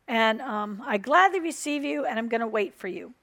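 Woman preacher mid-sermon, fairly high voice, driving points home with repeated phrases and calls for "Amen". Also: animated, moderate pace, few pauses, fairly bright tone. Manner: emphatic, repeats phrases and asks the crowd "Amen?".

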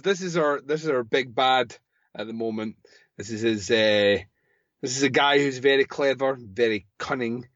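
Lively man, dull lo-fi sound. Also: medium pitch, no room sound. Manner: quick, teasing banter with lots of laughter. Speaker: podcast co-host. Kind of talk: casual chat.

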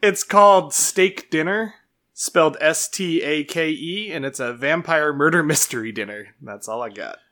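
A man joking around on a comedy podcast in a put-on raspy ghoul-like voice. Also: a little high, moderate pace, bright, forceful tone. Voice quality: gravelly put-on ghoul-like rasp. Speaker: podcast co-host. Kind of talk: casual comedy chat.

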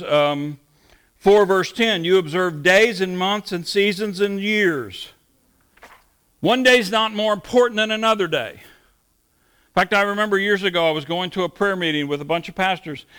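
Bright high-voiced preacher man. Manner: teaching verse by verse, conversational with emphatic rises. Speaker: pastor. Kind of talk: sermon.

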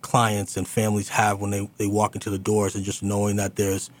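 A man's voice: on the low side, monotone, brisk. A man hosting a community radio talk show, speaking in a chatty, affirming way with many fillers and restarts.

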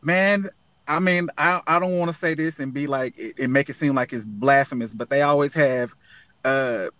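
A man's voice: medium pitch, moderate pace, a bit bright, dry recording, lo-fi sound. A man speaking as a guest in a casual interview, earnest and motivational, talking from the heart. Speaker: guest, app founder.

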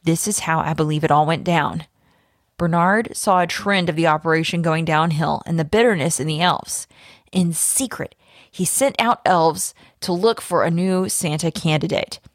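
A woman podcast host reading a fan theory aloud, with lively storytelling emphasis. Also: low-pitched, normal speed, dry recording, clean studio sound.

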